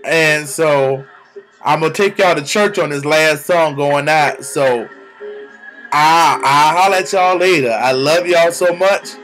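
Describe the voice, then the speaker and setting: A young man vlogging about faith, exclaiming and repeating words in bursts of excitement, talking into a camera. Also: fairly high pitch, measured pace, soft background music. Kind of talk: excited spiritual vlog testimony.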